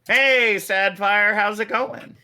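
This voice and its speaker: A man casting a live online match, calling the plays quickly with many fillers and asides. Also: high voice, a little hiss or hum. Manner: quick, excitable calls with frequent fillers. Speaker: esports caster. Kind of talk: live play-by-play commentary.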